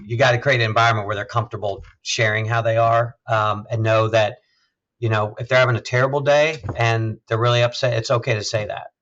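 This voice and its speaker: A man's voice: medium pitch, fairly bright tone, muffled recording. A man, a health system CEO, speaking thoughtfully as an interview guest, often restarting his sentences. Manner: thoughtful, measured, halting restarts. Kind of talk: conversational interview.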